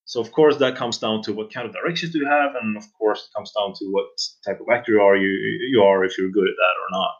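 A man guest on a casual podcast, talking in a rambling, halting way with many restarts. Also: fairly low pitch, fairly even intonation, lo-fi sound. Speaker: game sound designer guest.

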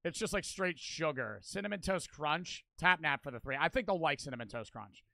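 Young guy streamer, bright high voice, cussing and rambling, dry close mic. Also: expressive, brisk, creaky, no room sound. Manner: loose, profane, rambling. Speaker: reaction streamer. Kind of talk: casual reaction commentary.

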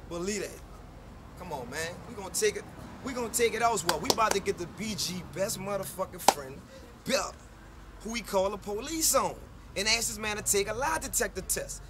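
A man's voice: sits high, animated, fairly quick. A man with a New Orleans accent, a rapper, giving an unscripted, profane and boastful rant to the camera on a neighborhood street. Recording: loud street noise with passing cars.

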